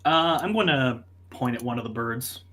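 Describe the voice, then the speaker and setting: A man with a bright, forceful tone chats casually as a player in a tabletop game. His delivery is blunt and dry, with easy swearing, and he sits mid-range in pitch. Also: expressive, normal speed.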